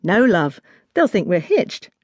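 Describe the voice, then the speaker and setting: A woman's voice: medium pitch, sing-song, unhurried, a little mellow, dry recording. A woman narrator voicing a charming young Australian man who teases affectionately. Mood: teasing. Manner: teasing, affectionate.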